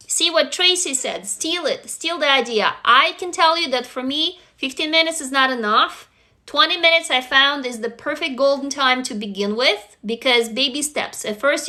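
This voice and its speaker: A woman's voice: high-pitched, sharp tone. A woman hosting a motivational livestream, talking bluntly and emphatically to her viewers, swearing freely and urging them to commit. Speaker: livestream host.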